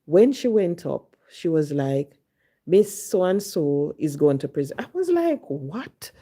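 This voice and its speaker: Jamaican woman telling her story, pretty low voice, mellow tone, drops into patois for the quotes. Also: very animated, unhurried. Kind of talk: personal storytelling.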